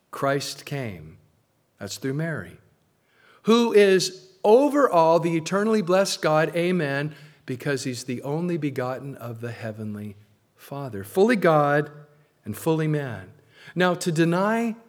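A man preaching a sermon as pastor, stressing key words loudly and then dropping low and slow.

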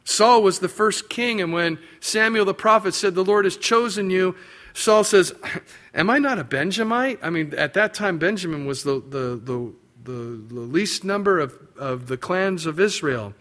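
Animated man preaching a sermon. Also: normal speed. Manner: animated, acts out biblical quotes with rising pitch and emphasis. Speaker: pastor.

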